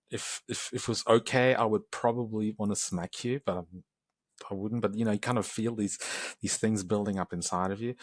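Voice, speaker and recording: A man in his forties, a podcast guest, telling personal stories in a lively way and acting out the remarks of others. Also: lowish voice, no echo, clean studio sound. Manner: animated storytelling, acts out quoted exchanges. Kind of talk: podcast interview.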